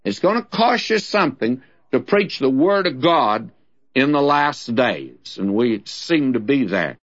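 A man's voice: medium pitch, big pitch swings, unhurried, fairly bright tone. A man teaching the Bible on a radio program, talking in a folksy, plainspoken and conversational way. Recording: dull lo-fi radio recording.

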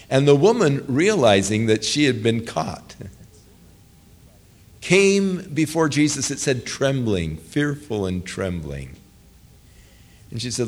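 A man's voice: medium pitch, big pitch swings, slow pace, long pauses. A male pastor preaching a sermon, telling stories earnestly and with emphasis.

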